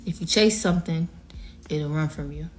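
A woman's voice: low voice, normal speed, soft background music. Teary woman chatting casually on a livestream. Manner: casual, emotional, holding back tears, reading out viewer names. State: teary, choked up. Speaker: singer addressing livestream viewers. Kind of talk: emotional livestream chat.

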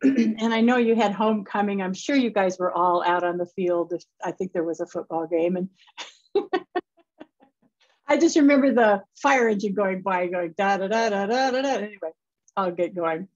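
A woman's voice: mid-range voice, moderate pace, dry recording. An older woman from Wisconsin with a light Wisconsin accent, giving an academic lecture over a video call in a chatty way with friendly asides. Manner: chatty, warm asides and laughs between points. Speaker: guest lecturer. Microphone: remote video call. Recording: dull, dry video call audio.

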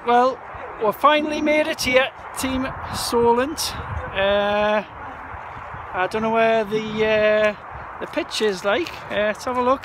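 A man, vlogging casually and excitably on the move through stations and trains, filming on a handheld camera. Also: high voice. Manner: chatty, excitable, laughing often. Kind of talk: casual travel vlog. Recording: crowd and traffic noise around.

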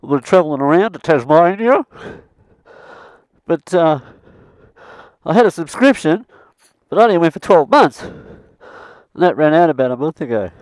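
A man's voice: fairly high pitch, big pitch swings, normal speed, pauses often, a little mellow, dry recording. An Australian man vlogging outdoors in the bush, rambling and swearing mildly as he chats. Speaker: travel vlogger. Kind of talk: casual self-filmed chat.

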